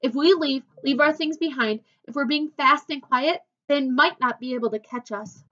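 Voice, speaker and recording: A woman's voice: high voice, normal speed, fairly bright tone, dull audio. A woman voicing a frightened, fiercely protective mother yeti in a storybook reading, speaking urgently. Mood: desperate. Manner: pleading, urgent.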